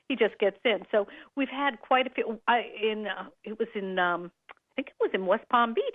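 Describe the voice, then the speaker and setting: A woman guest telling travel stories on a talk radio show, rambling with many restarts and fillers. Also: on the high side. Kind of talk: casual radio chat. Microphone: phone line. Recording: tinny phone line.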